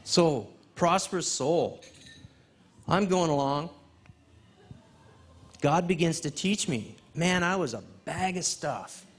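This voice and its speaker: A man preaching at a men's fellowship, telling a personal testimony in an animated storytelling way and acting out conversations. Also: a little high, takes it slowly, pauses often. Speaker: guest speaker at a men's fellowship. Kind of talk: testimony sermon.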